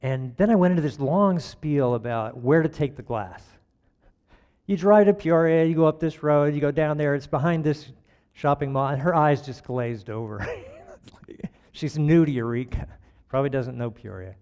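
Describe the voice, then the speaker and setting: A man's voice: a little high, normal speed. Folksy man telling a sermon story. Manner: folksy, relaxed, chuckles at himself.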